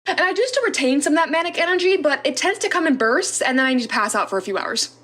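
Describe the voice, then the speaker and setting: A young woman with a high, bright voice tells personal stories to her viewers. She talks casually and with animation, laughing between anecdotes and acting out the lines she quotes. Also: animated, fast. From Southern California. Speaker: storyteller vlogger.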